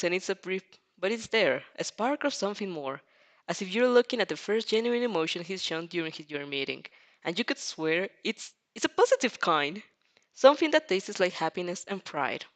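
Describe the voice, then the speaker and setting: A young woman reading a fanfic aloud and reacting to it, giggling often and stumbling over words. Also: lowish voice. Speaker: fanfic reader.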